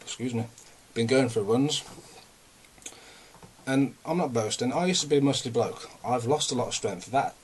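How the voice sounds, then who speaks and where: A man's voice: medium pitch, normal speed, slight background noise. A young man, talking in a casual, rambling and self-mocking way, a bit out of breath. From England. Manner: ranting, self-mocking, chatty. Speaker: vlogger.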